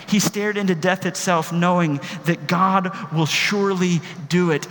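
A man preaching a sermon as pastor, impassioned, moving between quiet reflection and emphatic calls. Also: sits high, fairly even intonation, a little slow, hardly any pauses. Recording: long hall reverb, faint room noise.

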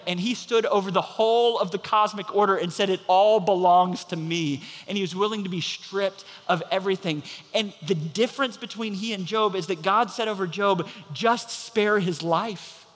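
A man's voice: high voice, a little fast, hardly any pauses, a bit bright, big-room sound. A man preaching a sermon as pastor, telling a story and acting out the voices of the people in it.

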